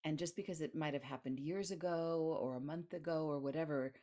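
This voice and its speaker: A woman guest author in an interview, telling a personal story in an animated way, laughing and acting out the voices of others. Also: low-pitched, brisk.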